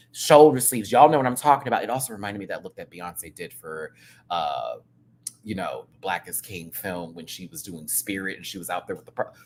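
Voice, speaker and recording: Animated man ranting with big swings. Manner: animated, swings from loud outbursts to low asides; playful drag slang, profanity. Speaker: show reviewer. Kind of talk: excited casual review rant.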